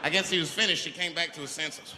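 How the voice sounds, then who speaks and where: A man doing a stand-up comedy routine, telling a profane story and acting out the people in it with yelled voices. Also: fairly high pitch, fairly even intonation, fast talker, noisy background. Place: large theater stage. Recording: live show in a large hall with crowd. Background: audience laughter.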